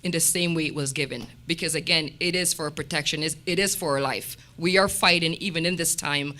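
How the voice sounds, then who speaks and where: A woman sharing a testimony at a church meeting, telling stories with lively quoted dialogue. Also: sits low, fairly quick. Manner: animated storytelling with quoted dialogue.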